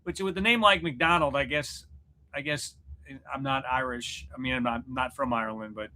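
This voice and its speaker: Rambling, bright-voiced man in his forties. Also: mid-range voice, moderate pace, slight background noise. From Missouri, USA. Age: 40s. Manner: rambling, self-deprecating, joking. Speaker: livestream host chatting with viewers. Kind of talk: casual livestream chat. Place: room at home, in front of a mirror.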